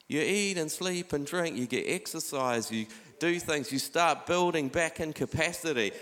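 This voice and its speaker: A middle-aged male pastor delivering a sermon in a church hall, pressing his listeners with repeated urgings and softening when he reads scripture. His voice sits a touch high for a man, and a long reverb trails behind every phrase. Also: animated, moderate pace. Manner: urging, repeats "come on", drops to quiet when reading scripture.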